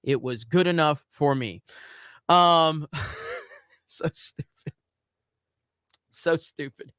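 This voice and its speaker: A man's voice: on the high side, drawn-out words, fairly bright tone, smooth, no echo, clean studio sound. A man hosting a casual commentary show, talking in a sarcastic, mock-earnest way. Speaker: YouTube commentary host.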